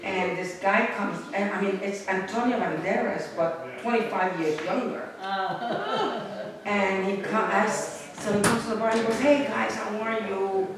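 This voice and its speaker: A woman's voice: mid-range voice, normal speed, background noise. An older woman from Puerto Rico tells a rambling, laughing story to a group at a memorial gathering. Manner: chatty, digressive, laughs as she talks. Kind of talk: casual anecdote to a group. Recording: echoey room, far from mic, loud crowd.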